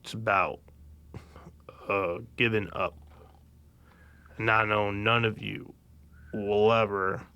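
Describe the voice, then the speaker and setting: A man playing an uninspiring soccer coach who gives a halting, monotone pep talk full of fillers. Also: lowish voice, gravelly, clean tone, heavily acted. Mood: flat pep talk.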